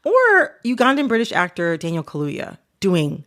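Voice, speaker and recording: A woman's voice: medium pitch, huge pitch swings, moderate pace, a bit bright. A woman hosting a podcast interview, chatty and casual, peppering her talk with "like" and "you know". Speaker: podcast host. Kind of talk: conversational interview.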